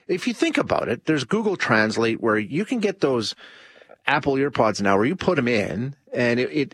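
A man's voice: medium pitch, fairly bright tone, husky, dry recording. A man hosting a call-in talk radio show, rambling with many restarts and fillers. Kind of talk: casual talk radio commentary.

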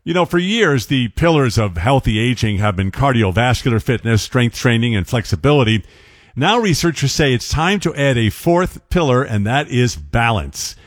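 A male radio host reading a scripted health segment in a steady, informative way. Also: medium pitch, dry recording, clean studio sound.

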